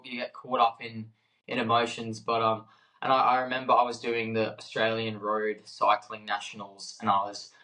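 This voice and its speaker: Heard through a low-quality recording, a young man with a fairly low, sharp-toned voice co-hosts a casual podcast chat. He comes across as hesitant, restarting and using fillers a lot, and laughs easily.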